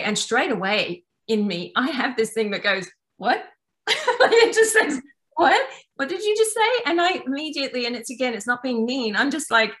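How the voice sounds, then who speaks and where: Woman, mid-pitched, croaky texture, earnest reflective talk, long run-on sentences. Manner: earnest, gentle, long flowing sentences with restarts.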